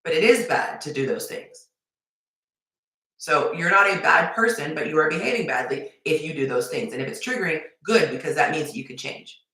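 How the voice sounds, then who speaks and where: A woman dating coach giving advice on a live stream, emphatic and repetitive with sudden excited bursts. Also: deep voice, normal speed. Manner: emphatic, repeats points, animated bursts. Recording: very echoey room.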